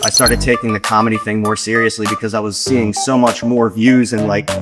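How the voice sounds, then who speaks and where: A man's voice: lowish voice, level tone, fairly quick, over loud music. A young man casually telling his story about starting stand-up comedy, rambling and loose. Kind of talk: talking-head interview.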